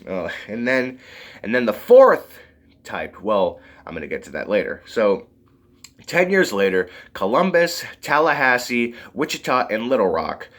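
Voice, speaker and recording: A man's voice: medium pitch, very animated, a little slow, a bit bright. A man reviewing a movie in a casual, rambling way, full of fillers and often giggling.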